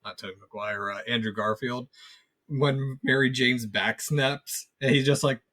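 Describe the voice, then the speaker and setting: Man co-host, mid-pitched voice, animated and jokey, rambles and restarts. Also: unhurried. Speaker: podcast co-host. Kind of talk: casual chat.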